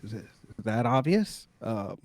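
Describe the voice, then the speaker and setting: A man from Florida co-hosting a casual comedy podcast, relaxed and quick to laugh as he riffs along. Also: mid-range voice, no echo, studio quality. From Florida, United States. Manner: laid-back, laughs often, riffs on the other man's jokes. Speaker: podcast co-host.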